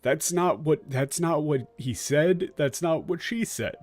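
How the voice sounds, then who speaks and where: Excitable man commenting on a game. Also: a little high, unhurried. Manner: animated, excitable, blunt and sarcastic. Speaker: game streamer and translator. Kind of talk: casual gameplay commentary.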